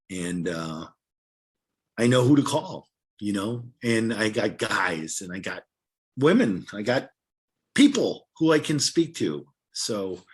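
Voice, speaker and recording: A man sharing his story at an online recovery meeting, halting and emotional, close to tears, with many restarts, heard over a video call. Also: fairly low pitch, fairly bright tone, breathy edge. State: teary.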